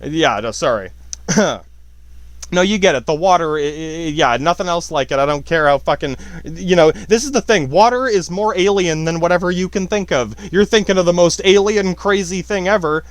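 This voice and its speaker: A man's voice: high voice, normal speed, no echo. A man in his thirties hosting a podcast, rambling through science in a profane monologue, cutting himself off and laughing often. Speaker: podcast host.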